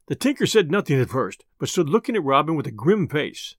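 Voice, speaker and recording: A man narrating a storybook tale in an expressive, old-style storytelling manner. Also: fairly high pitch, fairly quick, no room sound, clean studio sound.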